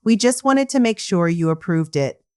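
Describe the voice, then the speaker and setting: A woman's voice: medium pitch, lively intonation, normal speed, dark tone, smooth, close to an everyday voice. A woman voicing a male bank officer on the phone, with a professional, cool delivery. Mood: formal. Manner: professional, cold.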